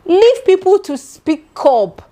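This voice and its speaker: A woman's voice: extremely high pitch, takes it slowly. A young adult woman with a Nigerian accent, chatting in a casual gossip vlog and speaking straight to her viewers as "my darling". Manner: animated and chatty, addresses viewers directly as "my darling". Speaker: vlogger.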